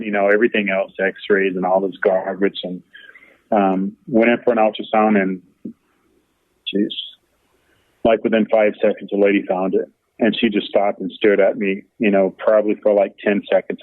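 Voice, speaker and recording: A man's voice: on the low side, no room sound. A man being interviewed as a guest, telling a personal story emotionally, rambling with many fillers. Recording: tinny phone-like line, dry.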